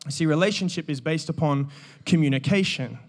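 A man, preaching an energetic sermon and joking with the congregation. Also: a little high, fairly quick. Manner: animated, joking, calls out to the congregation. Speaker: pastor. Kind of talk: energetic sermon with audience banter.

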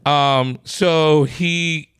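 Higher-voiced man telling a profane story. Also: very slow, clean tone, no room sound. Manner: animated, profane, acts out quotes. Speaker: podcast host, comedian. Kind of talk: casual storytelling chat.

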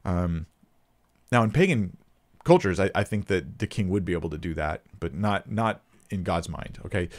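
A man's voice: on the low side, lively intonation, a little fast. A man answering viewer questions about the Bible, thinking aloud and reading scripture passages with emphasis. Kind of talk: casual teaching Q&A.

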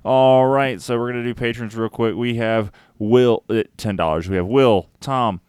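A man's voice: medium pitch, fairly even intonation, moderate pace, a little mellow, smooth, no room sound, clean studio sound. A man co-hosting a casual podcast who jokes around and rattles through long lists of names. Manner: joking, rattles off name lists. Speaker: podcast co-host. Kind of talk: casual chat.

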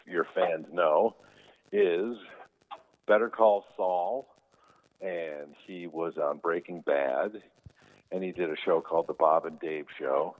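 A man telling casual stories, lively, often acting out what others said in raised voices. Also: deep voice. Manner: animated, quotes people in raised voices. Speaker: guest telling stories about his brother. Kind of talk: casual anecdotal storytelling. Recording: tinny phone-like line.

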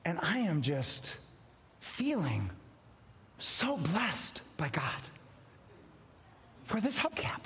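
A man preaching with a lively, high voice that swings up and down as he acts out the people in his story. The long reverb of a large hall trails each line. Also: a little slow. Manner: animated, wide swings in pitch and loudness, acts out dialogue. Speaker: pastor. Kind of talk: storytelling sermon.

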